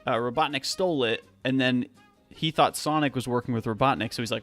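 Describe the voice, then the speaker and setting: Gravelly-voiced man hosting a quiz. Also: medium pitch, fairly bright tone, faint music behind. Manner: laughs often, quick and chatty. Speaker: podcast co-host running a quiz. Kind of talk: casual chat.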